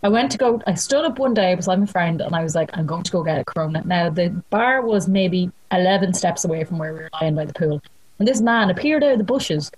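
A young Irish woman in casual chat, telling an animated story, acting out the quotes and laughing often. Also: on the low side, fast, breathy edge, rough recording. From Ireland.

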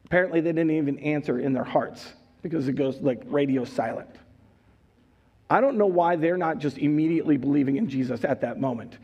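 A man preaching a sermon, animated and joking, acting out characters as he goes. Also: a little high, fairly quick, slightly rough, dull audio. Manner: animated, acts out voices, jokes. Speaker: pastor.

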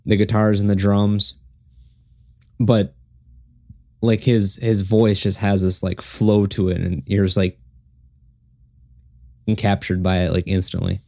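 A man's voice: fairly low pitch, level tone, unhurried, creaky, pauses often, a little mellow, no echo, studio quality. A man co-hosting a podcast, talking casually about songs he likes, hesitant and repeating words. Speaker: podcast co-host. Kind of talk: casual music review chat.

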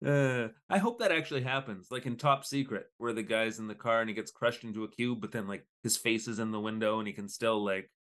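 A man co-hosting a podcast, chatting casually as he recaps an episode and jumps into quick put-on voices for the characters. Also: fairly low pitch. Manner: animated, acts out lines in quick voices. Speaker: podcast co-host.

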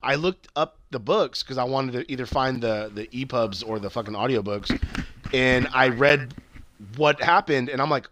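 A man's voice: mid-range voice, normal speed, a bit bright, a little hiss or hum. A man in casual chat who rambles and swears freely, often trailing off and restarting sentences.

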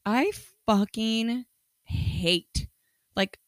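A woman's voice: on the high side, extremely slow, dry recording. Foul-mouthed laughing woman podcaster. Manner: profane, blunt, laughs often. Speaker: podcast co-host. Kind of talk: casual chat.

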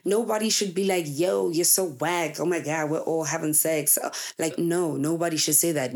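A woman's voice: sits low, darkish tone. A woman in her twenties, a content creator, talking candidly and emphatically to her audience in casual chat. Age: 20s. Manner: candid and emphatic, acts out quoted people.

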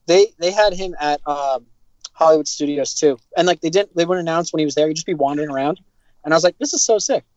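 A young man co-hosting a podcast in a casual chat, excitable and slangy. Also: a little high, fast, no room sound, lo-fi sound. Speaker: podcast co-host.

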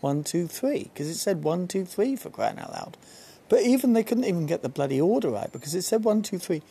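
A man's voice: on the high side, gravelly, warm tone, slightly rough. A man hosting a solo podcast outdoors on a balcony, chatting casually and wandering off on tangents. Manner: rambling, jumps between tangents. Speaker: podcast host.

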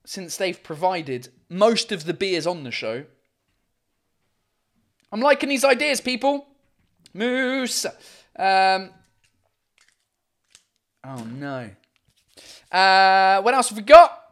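Speaking in an unhurried, high-pitched voice that is expressive and a little bright, a man hosts a casual home livestream. He works through viewer comments in a meandering way, swearing and using lots of fillers.

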